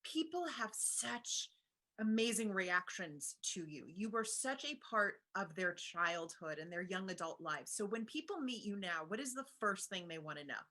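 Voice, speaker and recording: A woman's voice: mid-range voice, big pitch swings, normal speed, pushed and bright. An American woman interviewing an actor in a casual chat, enthusiastic and gushing.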